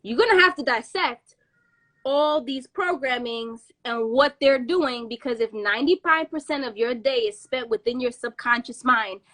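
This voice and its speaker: Animated high-voiced woman telling a story. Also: moderate pace. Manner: animated, acts out quotes with slang and swearing. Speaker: podcast host. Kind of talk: casual storytelling chat.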